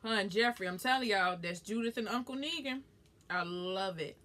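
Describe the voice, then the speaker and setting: A woman's voice: medium pitch, normal speed. A young woman with a Southern US accent, chatting casually and bluntly while eating and reading viewer comments. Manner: blunt, profane, animated.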